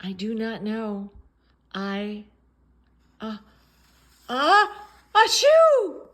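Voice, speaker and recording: A woman voicing an anxious male elephant who stammers and bursts into loud sneezes in a storybook. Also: medium pitch, steady tone, slow pace, natural voice. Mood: distressed.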